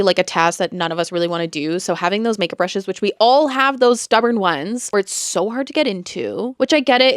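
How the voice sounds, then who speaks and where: A woman's voice: medium pitch, no room sound, studio quality. A young woman with a Canadian accent hosting a casual beauty podcast, chatty and full of asides. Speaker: podcast host.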